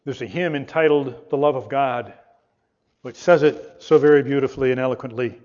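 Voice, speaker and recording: A man preaching a sermon, reading scripture aloud with rising fervor and slowing down to stress key words. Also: medium pitch, a little mellow. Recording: dull lo-fi sound.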